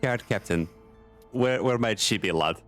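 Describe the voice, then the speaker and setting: A man's voice: lowish voice, unhurried, faint music behind, lightly acted. A man voicing a boisterous, teasing adventurer in chainmail who laughs a lot and calls people "lad". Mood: jovial.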